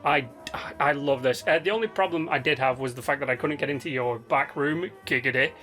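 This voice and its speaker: A man's voice: medium pitch, a little fast, pushed and bright. A man hosting a gaming video, reviewing player builds in casual, slangy commentary that rambles with fillers and restarts. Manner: laid-back, slangy and rambling with many ums and restarts. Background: faint background music.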